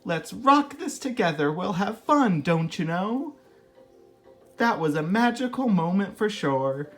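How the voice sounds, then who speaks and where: A woman reading a children's picture book aloud as the regular storytime host, in a gentle, expressive way. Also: sits low.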